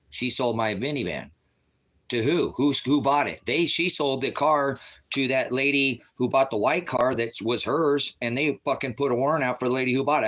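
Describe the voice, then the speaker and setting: A man's voice: medium pitch, a bit bright. A man ranting angrily and profanely to viewers, retelling conversations in quotes. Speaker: ministry vlogger. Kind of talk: angry rant to viewers.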